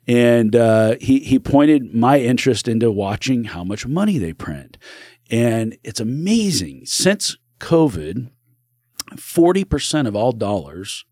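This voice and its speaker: A man's voice: medium pitch, a little mellow, no room sound, studio quality. A man who is a real estate broker and podcast guest, talking in an earnest, rambling way with restarts. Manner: earnest, rambling with restarts, acts out quoted voices. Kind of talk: casual interview talk.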